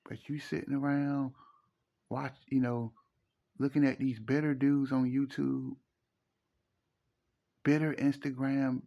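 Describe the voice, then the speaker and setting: Gravelly man giving earnest advice. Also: mid-range voice, highs cut off. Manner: preachy, emphatic, repeats phrases. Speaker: relationship commentator. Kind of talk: casual advice monologue.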